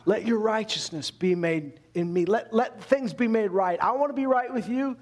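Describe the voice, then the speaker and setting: A man from Canada preaching a sermon in a conversational, animated way, full of rhetorical questions. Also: sits high, moderate pace. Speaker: pastor.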